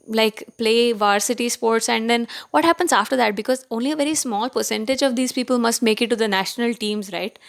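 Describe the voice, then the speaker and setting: A woman's voice: on the high side, vocal fry, noisy background. A woman from India with an Indian accent, giving chatty, opinionated commentary for her video channel. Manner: chatty and opinionated, with many fillers. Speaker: vlogger.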